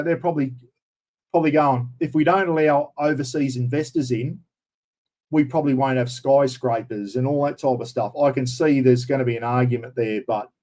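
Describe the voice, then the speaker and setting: A middle-aged Australian man hosts a livestream and rants about politics in a blunt, indignant way, swearing as he goes. His voice sits a little high for a man. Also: a little mellow. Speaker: livestream host.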